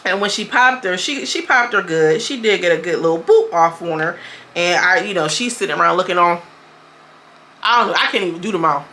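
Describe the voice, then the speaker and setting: A young woman reviewing a reality TV episode in casual, blunt, profane commentary, switching between storytelling and quick quoted voices. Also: on the low side, animated, bright, forceful tone, a little hiss or hum.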